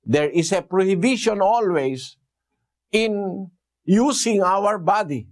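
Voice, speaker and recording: A man preaching a Bible exposition, speaking deliberately with fillers and rhetorical questions to the congregation. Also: high voice, expressive.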